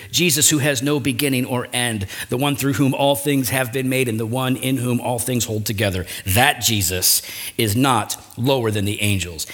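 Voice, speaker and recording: A man preaching a sermon, earnest, with frequent rhetorical asides and big swings in pitch and loudness. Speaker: pastor.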